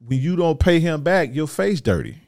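A man's voice: on the high side, expressive, normal speed, creaky, darkish tone, no room sound, studio quality. A man, hosting a show and ranting bluntly in profane street slang. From Florida, USA. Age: 30s. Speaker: host giving life advice to men. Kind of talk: casual ranting monologue.

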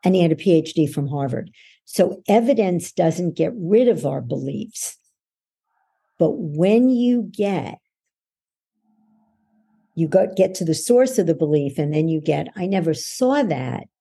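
A woman with a gravelly, husky voice answers a podcast question at length. Her tone is dark and mellow, and she explains patiently and instructively, slipping into short acted-out voices as examples. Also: low voice, lively intonation, measured pace, pauses often. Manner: patient and instructive, acts out everyday voices to illustrate points. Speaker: podcast guest, belief-change coach.

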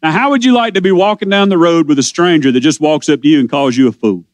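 A man preaching a sermon, explaining scripture with rising passion and drawn-out quotes. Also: a little high, a little mellow, no echo. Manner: impassioned preaching, slows and swells on scripture quotes.

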